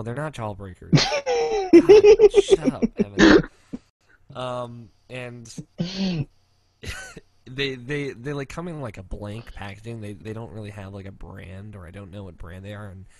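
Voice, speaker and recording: A man's voice: on the low side, a little fast, hardly any pauses, dry recording. A man hosting a podcast in casual chat, reading listener mail, hesitant with many ums, swearing and laughing easily. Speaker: podcast host.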